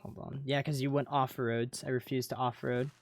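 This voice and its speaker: A man's voice: medium pitch, level tone, normal speed, a little hiss or hum. Casual swearing streamer man. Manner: rambling, swears casually, restarts. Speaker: roleplay narrator and streamer. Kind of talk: casual live-stream chat and narration.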